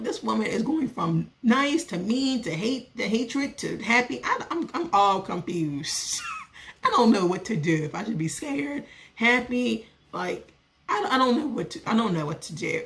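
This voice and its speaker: A woman, vlogging as a small business owner and telling a story in a casual, animated way. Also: creaky. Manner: animated, acts out other people's lines with lively pitch jumps. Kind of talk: casual storytelling rant to camera.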